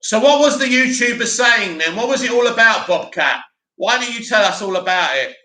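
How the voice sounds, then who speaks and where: A man hosting a live stream, chatting casually and answering viewer comments in an animated way. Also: very high-pitched, moderate pace, reverberant. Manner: chatty, animated, mocks a dramatic voice.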